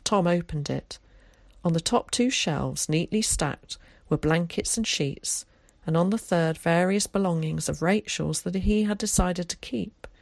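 A woman reading an audiobook aloud in a steady, measured way. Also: lowish voice, gravelly, no echo. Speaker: audiobook narrator. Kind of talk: scripted audiobook narration.

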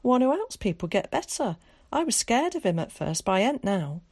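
A woman's voice: fairly high pitch, sing-song, darkish tone, slightly rough, no room sound, clean studio sound, pitched above the performer's own voice, full character voice. A woman voicing an earnest young boy, an evacuee pleading with his mother in a storybook reading. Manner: earnest, pleading, quick to explain. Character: cheeky eager young London boy, evacuee.

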